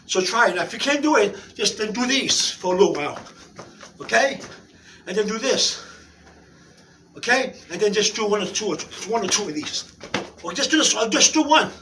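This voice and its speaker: A man demonstrating an exercise while out of breath, giving halting, repetitive instructions and often checking in with "okay?" in an indoor room. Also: high voice, animated, far from the mic, noisy background. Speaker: exercise video maker.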